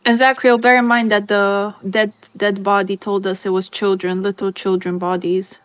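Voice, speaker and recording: A woman's voice: mid-range voice, little pitch movement, normal speed, clean tone, no room sound. Playful woman player on a dull, dry mic. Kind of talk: tabletop play.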